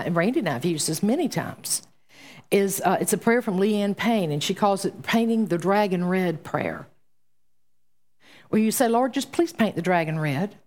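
A middle-aged woman leads a Bible class in a relaxed, conversational way, and she leans hard on key words. Her pitch swings widely, jumping high for emphasis and then dropping low. She sits in the middle of the usual range for a woman. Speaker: Bible teacher. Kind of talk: informal Bible teaching.

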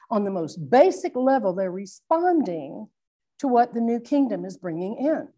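A middle-aged woman preaching a sermon, earnest and reflective, slowing down to stress her points. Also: mid-range voice, big pitch swings, dark tone. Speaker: Bible teacher.

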